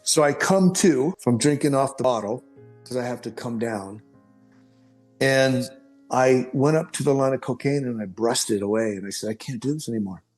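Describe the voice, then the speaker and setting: A middle-aged man, a podcast guest, telling his life story in a rambling, animated way, with frequent restarts and self-corrections. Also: mid-range voice, normal speed, soft background music. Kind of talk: personal storytelling.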